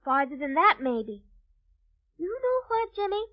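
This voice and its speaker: An actress playing a sweet, timid young girl in an old radio drama, speaking gently and wide-eyed. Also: very high voice, sing-song, a little slow, full character voice. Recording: dull old radio recording.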